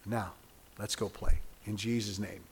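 A man's voice: lowish voice, fairly even intonation, a little slow, vocal fry, breathy edge. A man preaching a sermon as pastor, chatty and teasing with his congregation, then building to fervent exhortation and a closing prayer. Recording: long hall reverb.

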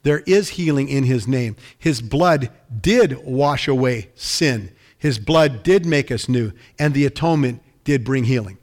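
A man's voice: medium pitch, expressive, a little slow, hardly any pauses. A man preaching a sermon as pastor, fervent and emphatic, repeating phrases for weight.

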